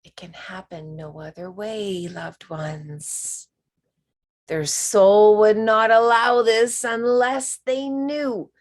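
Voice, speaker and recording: A woman leading a spiritual workshop, talking slowly and emphatically and sometimes dropping to a whisper. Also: a little high. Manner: slow, emphatic, drops to whispers. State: emotional. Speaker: workshop leader.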